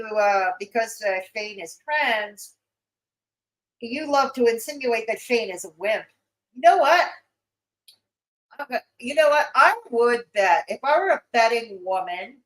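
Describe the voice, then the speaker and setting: Mocking woman streamer, slightly high. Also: a bit bright, rough recording. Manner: mocking, blunt, profane. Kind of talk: livestream reaction commentary.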